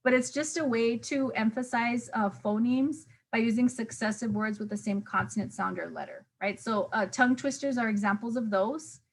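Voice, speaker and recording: Chatty woman teacher, fairly high voice. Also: moderate pace, creaky, few pauses. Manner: casual, frequent "um" and "right?" check-ins. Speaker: teacher trainer. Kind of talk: recorded review lecture.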